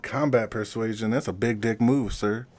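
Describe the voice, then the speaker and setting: A man's voice: lowish voice, steady tone, normal speed, darkish tone. Joking man at a game table. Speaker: player.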